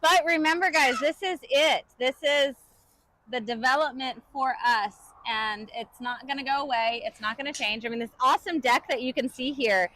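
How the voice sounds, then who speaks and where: A woman's voice: high voice, moderate pace, sharp tone, low-quality recording. A woman from the United States co-hosting a live cooking stream, chatting casually and upbeat while reading out viewer comments.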